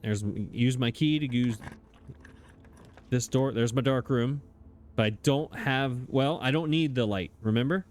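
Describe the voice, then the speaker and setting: At a measured pace, a man with a medium-pitched, darkish voice narrates his let's play. He talks casually into a desk microphone, hesitating and chuckling at his own thoughts.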